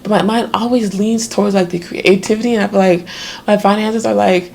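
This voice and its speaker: A woman's voice: mid-range voice, fairly even intonation, brisk, creaky, darkish tone, slight background noise. A woman in her twenties talking through her worries in a rambling, reflective video diary. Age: 20s. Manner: reflective, rambling, many fillers. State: tearful, crying at times. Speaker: vlogger.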